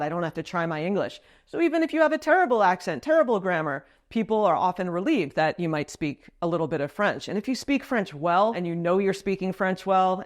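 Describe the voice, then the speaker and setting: A woman in her thirties hosting a casual question-and-answer video, giving frank, lively advice with expressive swings in pitch. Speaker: vlog host.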